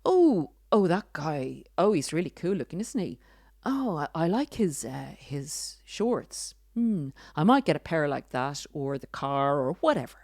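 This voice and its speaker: A woman's voice: low voice, sing-song, unhurried, a little mellow, no room sound, studio quality, heavily acted. A woman putting on the voice of a dismissive, mocking partner, in a sarcastic, mock-innocent manner. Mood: mock admiring.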